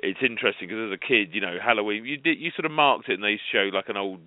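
A low-voiced man talks as a guest author, rambling through anecdotes and often restarting his sentences. The sound is thin and phone-like, with no room around it. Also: rapid-fire, no room sound. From England. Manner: rambling, self-correcting storyteller. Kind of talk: casual radio interview. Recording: narrow phone-like line, dry.

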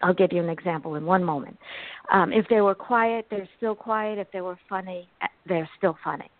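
Brief: expressive woman medium, interview guest, dry phone-line sound. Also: fairly low pitch, normal speed, no echo. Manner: animated, expressive storyteller. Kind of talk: interview storytelling.

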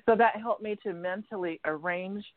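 A woman's voice: medium pitch, normal speed, no echo. A woman talking in a casual radio chat as a guest, chatty and laughing often, acting out the lines she quotes. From United States. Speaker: guest, energy healer. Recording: tinny phone line, dry.

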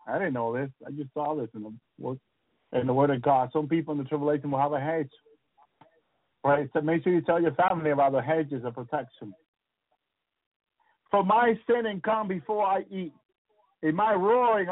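High-voiced man preaching over tinny radio. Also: no room sound. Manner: fervent, with frequent hallelujahs and halting repeats. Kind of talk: sermon on scripture and visions. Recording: tinny phone-like radio sound.

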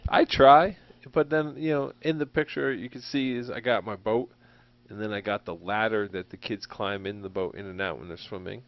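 A man's voice: lowish voice, normal speed, few pauses. A man co-hosting a podcast, telling a rambling, chuckling story in casual chat. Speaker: podcast co-host. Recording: dull, dry lo-fi recording.

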